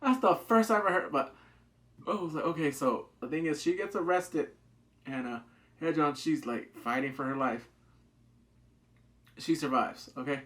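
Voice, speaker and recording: A man giving a casual, excitable recap of a TV drama, acting out the characters' lines in quick asides. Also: fairly high pitch. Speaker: TV drama reviewer.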